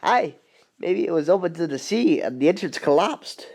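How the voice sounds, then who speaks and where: A man doing a gruff Scottish steam engine. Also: a little high, lively intonation, normal speed, darkish tone, voice pushed up. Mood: hearty. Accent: Scottish put-on.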